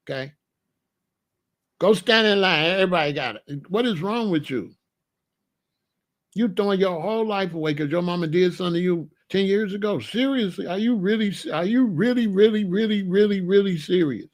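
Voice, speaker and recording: A man hosting a comedic monologue, an animated, profane storyteller who laughs often. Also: high voice, normal speed. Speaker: podcast host.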